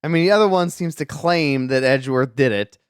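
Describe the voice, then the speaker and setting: A woman streamer giving casual, rambling let's-play commentary, musing aloud in a low-key way. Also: brisk, clean tone, dry recording, clean studio sound.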